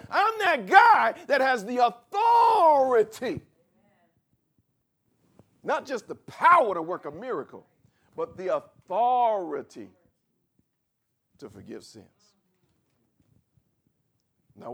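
A preacher voices Jesus as a patient, authoritative male teacher who explains himself plainly and earnestly. The voice sits high for a man and swings widely in pitch, with a gravelly edge. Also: a bit bright, full character voice.

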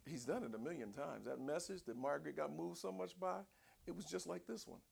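A man preaching a sermon in a folksy, conversational way, swinging between low asides and shouted cries. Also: a little fast, gravelly, breathy edge. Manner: folksy, conversational, acts out voices. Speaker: pastor.

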